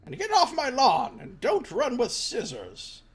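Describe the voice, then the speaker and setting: A man voicing a cranky, stubborn old male villager who is hard of sight, in a high, slow, indignant voice. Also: wildly swooping pitch, husky, full character voice.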